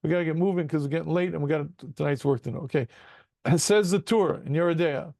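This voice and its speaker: A rabbi leads an interactive Talmud class over a video call. His fairly high voice is gravelly, and the sound is dry and close. He throws rhetorical questions at his students and calls them gentlemen. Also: dry recording. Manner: self-deprecating chuckles, quick asides.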